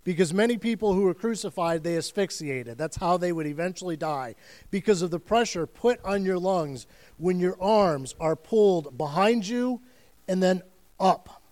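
A man's voice: sits high, animated, moderate pace, a little mellow. A man preaching a sermon as pastor, telling the story in earnest and vivid detail and repeating phrases for weight.

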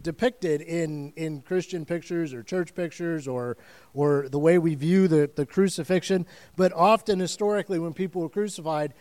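A pastor delivers a sermon, telling a story in earnest, vivid detail and repeating phrases for weight. His voice is fairly high and a little mellow.

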